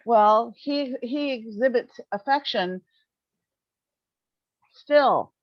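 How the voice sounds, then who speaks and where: A woman's voice: on the high side, drawn-out words, dry recording, dull audio. A woman on a video call describing her dog's training, wry and matter-of-fact. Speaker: service dog puppy raiser. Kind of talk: casual group chat.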